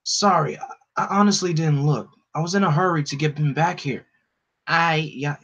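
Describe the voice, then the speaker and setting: A man's voice: fairly high pitch, moderate pace, fairly bright tone, slightly rough. A man voicing a stubborn, earnest young male hero, with urgent, breathless delivery.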